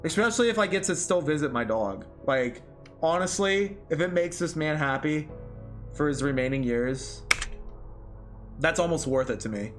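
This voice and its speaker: A man's voice: a little high, animated, normal speed. Chatty young male streamer, faint music. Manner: chatty, swears, laughs, emotional reactions. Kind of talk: casual game commentary, reading aloud.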